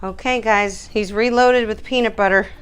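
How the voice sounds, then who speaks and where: A woman's voice: mid-range voice, fairly even intonation, normal speed, a bit bright, clean tone. Woman dog groomer explaining nail care. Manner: soothing baby talk to the dog between instructions. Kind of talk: grooming demonstration. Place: grooming room.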